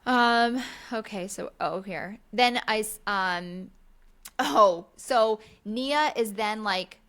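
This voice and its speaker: A woman's voice: mid-range voice, slow, fairly bright tone, smooth. A woman co-hosting a podcast, a mother telling casual stories, swearing freely and acting out what people said. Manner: chatty storyteller, swears freely, acts out quotes. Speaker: podcast co-host; mother of several kids. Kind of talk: casual chat recapping reality TV.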